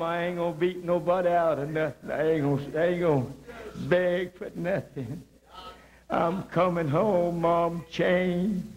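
Impassioned preacher, higher voice. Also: male voice. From South Georgia, US. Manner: impassioned storytelling, voice swinging high on emphasis. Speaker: evangelist. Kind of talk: sermon testimony. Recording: humming 1980s video recording.

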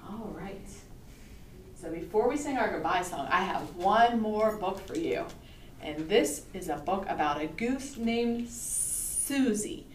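A woman librarian reads a picture book aloud at toddler storytime, sing-song and coaxing the children to join in. Her medium-pitched voice is slow with lively intonation. The recording is roomy from a distant mic, with faint ambience and slight background noise.

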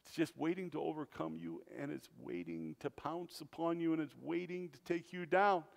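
A man preaching a sermon as pastor, dramatic, swinging between loud, emphatic phrases and hushed, low ones. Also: steady tone, normal speed, vocal fry. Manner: dramatic preaching with wide swings in loudness and pitch. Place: church sanctuary. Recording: long church reverb.

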